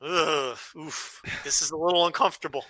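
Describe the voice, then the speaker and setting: A man co-hosting a casual wrestling review podcast, with a slightly high, very bright and sharp voice. He talks in a measured, agreeable way with wry asides. The sound is close and dry. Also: no echo. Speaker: podcast co-host.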